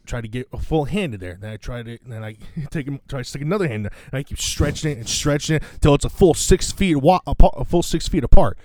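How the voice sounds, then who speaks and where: A man's voice: medium pitch, lively intonation, quick pace, few pauses, a little mellow. A man co-hosting a casual podcast, telling long jokes and breaking into laughter at his own punchlines. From Midwest US. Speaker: podcast co-host.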